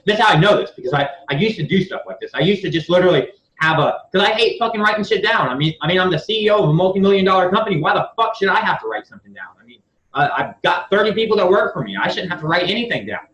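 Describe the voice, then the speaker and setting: A man's voice: on the high side, fairly bright tone. Blunt, swearing man in an echoey room. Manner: profane, blunt, repetitive restarts. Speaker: company CEO and guest speaker. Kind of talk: casual coaching talk. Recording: echoey, far from the mic, dull and noisy.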